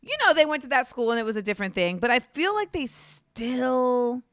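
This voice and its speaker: A woman guest on a podcast, chatting casually and telling things in an emphatic, animated way. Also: fairly high pitch, a little fast, smooth, no room sound, clean studio sound. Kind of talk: casual chat.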